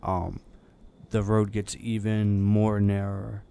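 Chill young guy on a podcast mic, lowish smooth voice, rambles through a story with lots of ums. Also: monotone, slow pace, mellow. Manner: rambling, laid-back anecdote with many fillers. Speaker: podcast co-host. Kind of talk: casual storytelling chat.

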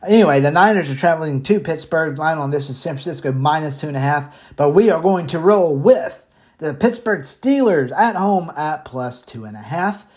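A man's voice: on the high side, lively intonation, normal speed, darkish tone. Breathless man chatting football picks. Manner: chatty, rambling, swears casually. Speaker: sports picks host. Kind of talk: casual sports betting talk.

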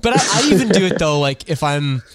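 A man's voice: a little high, animated, fairly quick, smooth, dry recording. A man hosting a podcast, chatting casually over a call, rambling with plenty of fillers and restarts. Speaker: podcast host.

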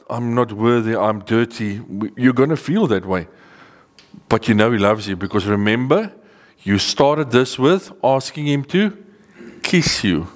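A man delivers a Bible teaching to people seated in front of him. He speaks earnestly at a middle pitch and leans hard on the words he wants to land, slowing them down for emphasis. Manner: earnest, emphatic, slows down to stress key words. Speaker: preacher. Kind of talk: sermon teaching to a live group. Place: meeting room with a seated audience.

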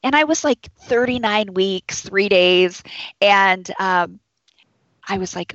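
A young woman who works as a labor and delivery nurse tells a personal story, slipping into the voices of the people in it. Her voice sits at a mid pitch. The sound is dry and close, slightly dull and lo-fi. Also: slow pace, no echo. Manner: animated, acts out quoted voices. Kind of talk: storytelling to an audience.

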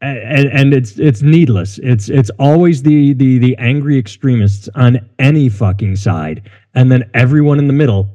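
A man's voice: medium pitch, normal speed, few pauses, dark tone. A man co-hosting a podcast, talking in blunt, profane banter and reading news articles aloud. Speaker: podcast co-host. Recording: dull, lo-fi mic.

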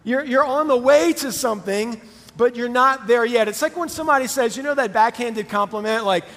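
A middle-aged man preaches in a relaxed, storytelling way, his voice sitting high for a man. He talks like he is chatting with friends, with quick laughs mixed in. The sound carries a long reverb from a large church hall. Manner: conversational, animated storytelling with laughs. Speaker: pastor. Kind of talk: sermon with personal story. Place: church auditorium.

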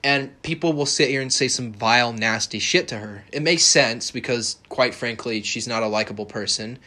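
Bright-voiced young man ranting heatedly. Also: medium pitch, normal speed. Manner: heated, profane, confrontational. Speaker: podcast host. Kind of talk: ranting monologue.

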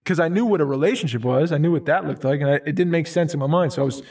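A man's voice: a little high, racing, creaky, darkish tone, far from the mic. A man in a casual conversation, telling personal stories in a rambling way with many fillers and restarts.

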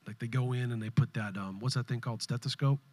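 A man, preaching a sermon to his congregation, swinging between loud bursts and hushed asides. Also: mid-range voice, steady tone, fast talker. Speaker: pastor. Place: church sanctuary with congregation.

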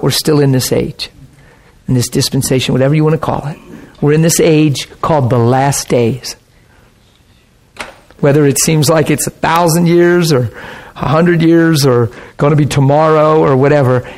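Casual, higher-voiced male preacher. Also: darkish tone. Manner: casual storytelling with emphatic asides. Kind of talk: conversational sermon.

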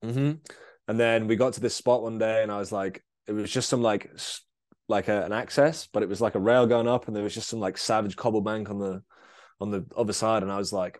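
In this clean, echo-free studio recording, a young BMX rider on as a guest chats casually about an injury at great length. He talks briskly in a steady, lowish, slightly mellow voice, swearing constantly and leaning on fillers as he rambles.

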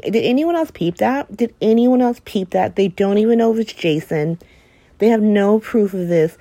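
A woman's voice: mid-range voice, vocal fry, warm tone, dry recording. A woman hosting a podcast, recapping a soap opera in a sassy, emphatic way and repeating her key lines for effect. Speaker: podcast host.

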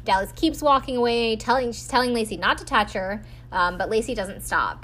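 A chatty woman with a slightly high voice talks her way through a casual recap. Her speech is loose and full of "like" and "um" fillers, as a podcast host would sound telling friends what happened. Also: fairly bright tone, a little hiss or hum. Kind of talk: casual chat.

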